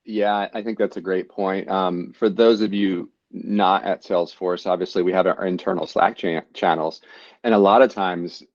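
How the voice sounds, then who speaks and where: A man hosting a live online forum, moderating in a relaxed, conversational way. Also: low voice, normal speed, no room sound. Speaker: host. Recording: dry, lo-fi video call audio.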